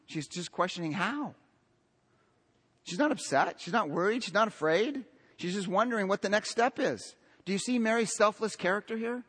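A man's voice: sits high, a bit bright. A man preaching a sermon to a congregation, emphatic and building long lists, calling for amens. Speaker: pastor. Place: church.

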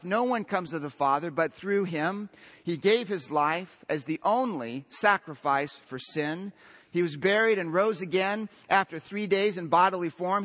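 High-voiced male preacher, emphatic. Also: a bit bright. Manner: emphatic, builds long lists, asks the congregation for amens. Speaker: pastor. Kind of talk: sermon. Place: church.

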